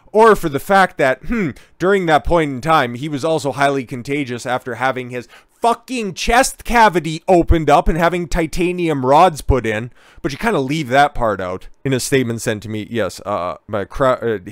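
A man's voice: medium pitch, dry recording, clean studio sound. A man giving reaction commentary as he reads an article aloud, breaking in with sarcastic, profane asides. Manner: sarcastic and profane, interrupting his own reading.

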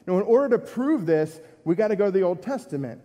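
A pastor preaches to a church congregation in a conversational way, asking questions and repeating his points. He has a high, warm, animated voice and talks fast, and he's heard in a large hall.

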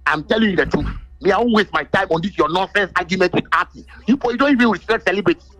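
A man's voice: high voice, fast talker, a bit bright, soft background music. A man with a Ghanaian accent arguing heatedly in a radio studio, interrupting and repeating himself. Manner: insistent, interrupting, repeats words. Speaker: musician guest. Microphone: studio mic.

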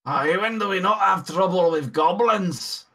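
Gruff dwarf miner, guy doing it in a wobbly scottish accent, says aye a lot. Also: high-pitched, unhurried, sharp tone, voice pushed up, exaggerated voice. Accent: attempted Scottish. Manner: folksy dialect with aye and lad. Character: gruff male dwarf miner, wary and blunt.

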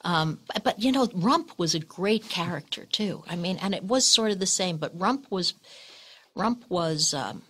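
Older woman reminiscing, low-voiced. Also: animated, unhurried, fairly bright tone, husky. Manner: rambling, hesitant recollection with restarts. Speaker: guest actress. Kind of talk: casual conversational interview.

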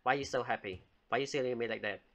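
Bright-voiced man playing a horror game. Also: medium pitch, racing. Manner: playful, teasing, chatting to in-game baby. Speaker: gaming channel host. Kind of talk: horror game let's play commentary.

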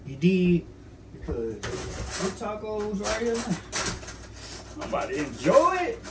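A man's voice: sits high, very animated, takes it slowly, noisy background. A young man hosting his own casual cooking vlog, laid-back and talking straight to his viewers while he tastes his food. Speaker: cooking vlogger.

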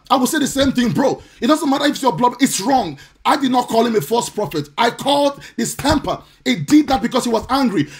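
High-pitched guy preaching on a facebook live, fired up, repeats stuff a lot, kinda sing-song. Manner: forceful, repetitive, indignant, sometimes sing-song cadence. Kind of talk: impassioned preaching on a live stream. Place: home or church, streaming live.

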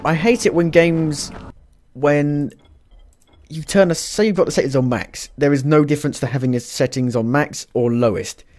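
A man giving gameplay commentary at his home computer, exasperated and swearing, scolding the game out loud. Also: a little high, normal speed, faint music behind. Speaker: let's play gamer.

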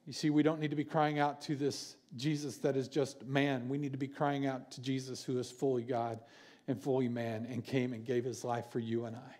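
A man preaching a sermon in church, earnest and pausing for effect. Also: mid-range voice, little pitch movement. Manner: earnest, with dramatic pauses and quieter passages. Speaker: pastor.

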